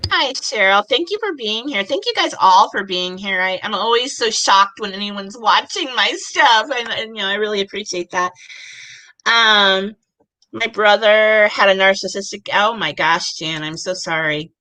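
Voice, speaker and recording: Squeaky, bright-toned woman, chatty livestream host on a video call. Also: normal speed, poor audio. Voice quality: high squeaky voice. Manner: chatty, giggly, self-deprecating. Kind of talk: casual livestream chat.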